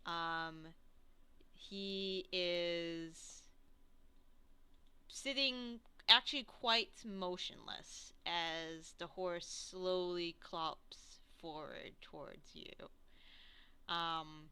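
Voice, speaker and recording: A woman's voice: lowish voice, drawn-out words, sharp tone, smooth. A woman narrating a tabletop game as game master, describing scenes in a rambling way, with many restarts.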